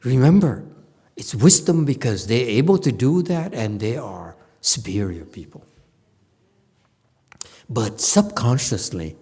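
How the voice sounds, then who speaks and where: A man giving a Dharma lecture as a Buddhist teacher, playful and laughing often, moving between loud bursts and hushed asides. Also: mid-range voice, big pitch swings, a little slow, long pauses, breathy edge. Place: temple lecture hall.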